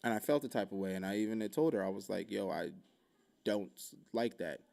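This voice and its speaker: A man's voice: fairly low pitch, lively intonation, a little fast, gravelly, darkish tone. A man hosting a podcast, telling a story in loose, profane casual talk full of fillers. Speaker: podcast host.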